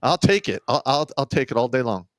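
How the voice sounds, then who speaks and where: A man's voice: mid-range voice, fairly quick, no room sound. A man hosting a live show, talking bluntly in casual chat and cursing freely. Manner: profane, blunt, animated storytelling. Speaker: show host.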